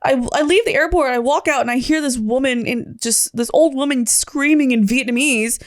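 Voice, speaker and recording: A woman with a high voice chats on a podcast. She tells her stories in a lively, animated way and acts out what people said. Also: moderate pace, no room sound, studio quality. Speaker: podcast co-host. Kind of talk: casual chat.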